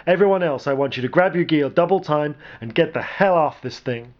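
A man voicing a gruff veteran special forces leader who barks orders at his squad. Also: on the high side, a little fast, lo-fi sound, close to an everyday voice. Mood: commanding. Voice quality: barked orders.

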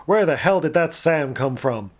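A man voicing a gruff veteran special forces leader who barks orders at his squad. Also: fairly high pitch, lively intonation, moderate pace, muffled recording, pitched above the performer's own voice, lightly acted. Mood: angry. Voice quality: barked orders.

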